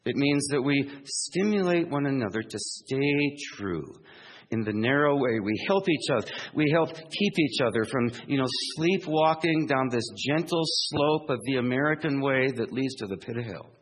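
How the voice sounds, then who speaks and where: A male pastor preaches an earnest sermon in a large hall, his medium-pitched voice animated throughout. He moves between emphatic peaks and hushed asides, slowing down to spell out key words.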